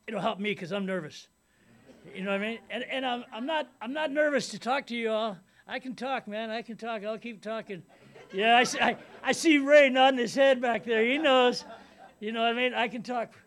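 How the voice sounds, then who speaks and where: Middle-aged man, recovery meeting talk, high voice, gravelly, rambling casual delivery, live meeting room. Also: a bit bright. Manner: rambling and casual, with many "man" and "you know what I mean".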